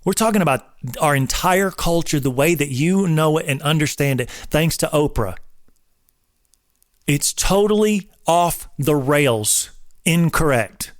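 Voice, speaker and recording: A man's voice: fairly high pitch, animated, a little slow, dry recording, studio quality. A man in his forties giving an emphatic, coach-like talk on faith and marriage, like a drill instructor. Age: 40s. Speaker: host. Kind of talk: casual preaching talk.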